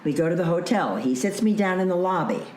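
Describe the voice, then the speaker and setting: Animated storyteller woman in her eighties. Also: lowish voice, fast talker, roomy sound, a little hiss or hum, rough recording. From Canada. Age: 80s. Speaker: interview guest, veteran actress. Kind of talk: telling a personal story in a casual interview.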